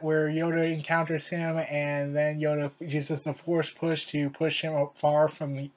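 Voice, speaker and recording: A man's voice: a little high, little pitch movement, moderate pace, few pauses, a little mellow. A young man giving casual commentary in a video, rambling and full of filler words. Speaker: video creator.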